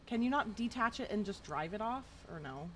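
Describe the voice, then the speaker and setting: A woman's voice: mid-range voice, expressive, a little fast, a little hiss or hum. A woman playing a role-play game with friends, talking casually and laughing.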